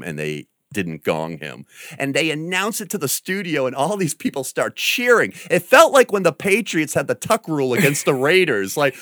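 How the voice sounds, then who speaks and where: A man from New England telling a story in a casual, animated and profane way, often breaking into loud impressions. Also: a little high, normal speed, no echo, studio quality. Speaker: guest.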